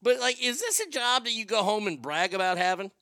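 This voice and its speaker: A man's voice: high voice, expressive, a little fast, pushed and bright, clean tone, no echo, studio quality. A man hosting a podcast, riffing crude jokes in casual comedic chat. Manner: profane, joking, riffing on the news. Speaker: podcast host.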